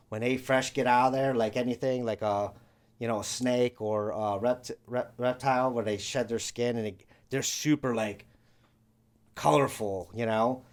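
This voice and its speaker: A young man co-hosting a podcast, telling rambling stories in casual chat and acting out the voices of the people he quotes. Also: medium pitch. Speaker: podcast co-host.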